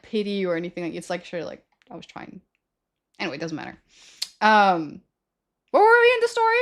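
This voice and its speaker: A young adult woman livestreamer telling stories to her chat in a rambling, slangy way, often correcting herself mid-sentence. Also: medium pitch. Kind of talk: casual storytelling to stream chat.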